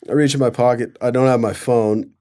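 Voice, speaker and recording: This podcast guest, a young man from Colorado, talks a little fast in a medium-pitched, dark-toned voice with fairly even intonation. He tells his story casually and sarcastically, keeping it loose and filling it with "like."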